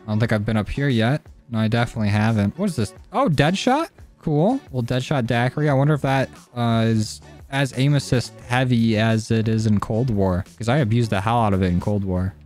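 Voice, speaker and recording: A young man giving casual, jokey gameplay commentary, cursing and getting excited as he plays. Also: mid-range voice, fairly quick, faint music behind. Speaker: gaming YouTuber. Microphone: desk mic.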